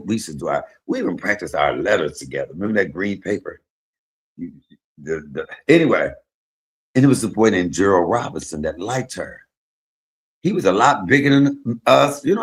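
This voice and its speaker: A middle-aged man hosting a casual chat, telling profane, animated stories. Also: fairly low pitch. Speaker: host.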